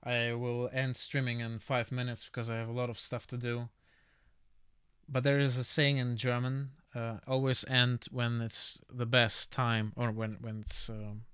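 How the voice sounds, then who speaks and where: A man with a Russian accent muses out loud while he draws on stream. He stops now and then to hunt for the right word. His voice is smooth and resonant at an ordinary middle pitch, and it sits dry and close to the mic. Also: no echo. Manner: halting, often stops to search for words; relaxed, reflective, laughs easily. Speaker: art streamer. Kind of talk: casual chat while drawing on stream.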